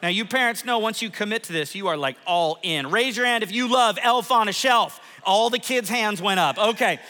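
Pastor, forties, high voice, playful storytelling sermon in a big hall. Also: male voice, moderate pace. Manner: lively, self-mocking storytelling with audience polls. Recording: long hall reverb.

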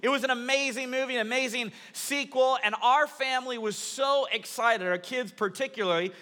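A man in his thirties, a pastor delivering a sermon to his congregation as an animated storyteller, in a large church auditorium. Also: very high voice, moderate pace. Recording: long reverb of a large hall.

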